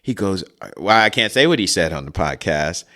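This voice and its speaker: A man's voice: deep voice, expressive, normal speed, sharp tone. A man in his forties hosting a podcast, telling a rambling story in casual chat with chuckles and side remarks into a podcast mic. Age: 40s. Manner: rambling, chuckling, frequent asides. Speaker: podcast host.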